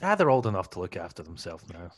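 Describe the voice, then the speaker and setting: A man's voice: low voice, very animated, fast talker. A man hosting a casual chat, teasing his guest with dry asides.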